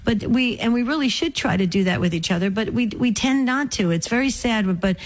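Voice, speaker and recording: A woman co-hosting a radio talk show, speaking in an effusive, warm way with callers. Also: fairly high pitch, animated, a little fast, rough recording. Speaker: radio co-host.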